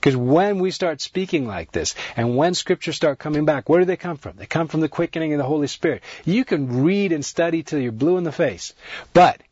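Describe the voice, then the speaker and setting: A man delivers an earnest sermon, stacking repeated phrases and pressing his points with rising emphasis. His voice is a little husky, at an ordinary pitch for a man. The recording is dry and dull, with a muffled lo-fi edge. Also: animated, a little fast, a little mellow, no echo. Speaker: preacher.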